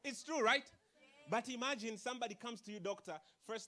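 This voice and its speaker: A man giving an energetic motivational speech to young people, calling out to the crowd and asking it questions. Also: very high-pitched, brisk. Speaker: motivational speaker. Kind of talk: live speech to a youth audience. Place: conference hall.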